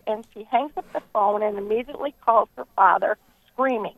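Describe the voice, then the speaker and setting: A woman from New York State calling in to a radio show, telling a long joke in an animated, giggly way over a phone line. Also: on the high side, fairly quick, no echo. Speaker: caller. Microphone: telephone.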